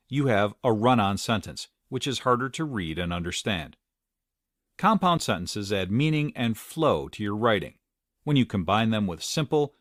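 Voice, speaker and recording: Low-voiced man narrating a grammar lesson. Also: dry recording, studio quality. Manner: measured explanatory delivery. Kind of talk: scripted narration.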